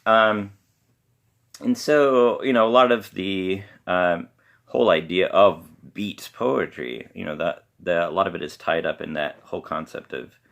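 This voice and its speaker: Very low-voiced rambling man. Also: measured pace, vocal fry, a bit bright. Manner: rambly, hesitant, many ums, self-deprecating asides. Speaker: podcast host. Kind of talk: casual rambling lecture.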